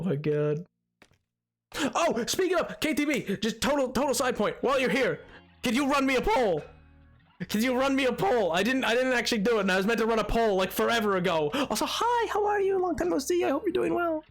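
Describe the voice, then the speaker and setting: Excitable rambling game streamer. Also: medium pitch. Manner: rambling and excitable, reading chat aloud with many restarts; sometimes puts on a joking accent. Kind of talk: casual livestream chat while playing a building game.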